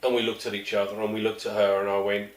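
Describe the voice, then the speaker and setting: A man with a London accent tells a story in a relaxed, wandering way, correcting himself with dry humour. His voice sits on the low side. The recording is roomy, with him set back from the microphone. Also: fast talker, distant mic. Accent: London English. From London, England. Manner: wry, meandering, self-correcting. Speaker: vlogger. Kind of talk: casual anecdotal storytelling.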